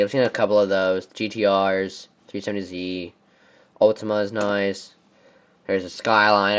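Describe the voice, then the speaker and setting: A man's voice: lowish voice, lo-fi sound. A young man from the United States giving casual, rambling commentary on car brands, often stumbling over names. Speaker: car reviewer. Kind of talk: casual commentary on a tier list.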